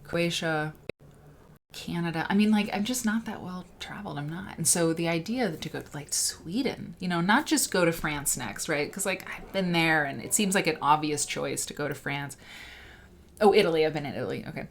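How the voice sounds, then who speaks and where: A woman hosting a casual livestream, rambling and excitable as she chats and reads out viewer comments. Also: sits low, normal speed, a little hiss or hum. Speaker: livestream host.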